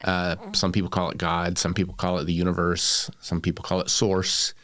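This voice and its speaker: A man co-hosts a podcast and speaks in a calm, reflective way. His voice is very low, and the recording is dry, with no room sound. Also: moderate pace, no room sound. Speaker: podcast co-host. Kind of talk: casual chat.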